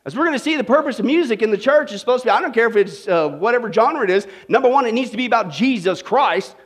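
Animated, high-voiced male pastor. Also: quick pace. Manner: animated, asks the audience rhetorical questions. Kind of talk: sermon.

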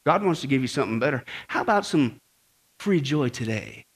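Male pastor, comic sermon style, very lively delivery that swings up and down. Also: mid-range voice, brisk, slightly rough. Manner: joking, animated, laughs often, calls out to the congregation. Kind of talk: humorous sermon.

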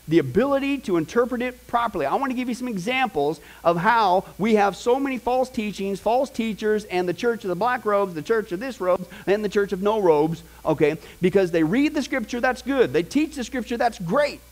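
A middle-aged man teaching a Bible class in a high, lively voice. He talks to his students casually, asks them questions and acts out the people he quotes. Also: low-quality recording.

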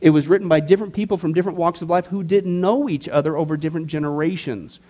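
A man's voice: a little high, fast talker, mellow. A man teaching a Bible study class in a casual, emphatic way, cracking jokes and asking the group questions.

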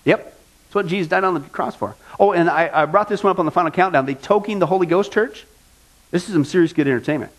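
A male pastor preaching an animated sermon, mocking things he disapproves of and doing quick impressions. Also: high-pitched.

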